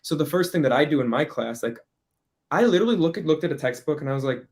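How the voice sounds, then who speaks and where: A man's voice: on the high side, animated, quick pace, darkish tone. A man teaching French in a casual online workshop, chatty, laughing often and putting on voices for quoted speech.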